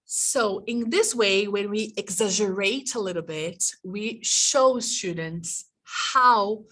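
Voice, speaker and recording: A woman's voice: mid-range voice, slow, a bit bright, distant mic. A woman teacher trainer leading an online workshop, demonstrating and exaggerating mouth sounds in an encouraging way, heard over a video call.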